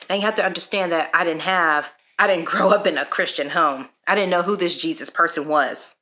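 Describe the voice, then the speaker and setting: Earnest bright-voiced woman sharing a story. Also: fairly low pitch, a little fast, few pauses, slight background noise. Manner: earnest, reflective, many "um"s. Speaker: parenting vlogger. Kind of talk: personal testimony vlog.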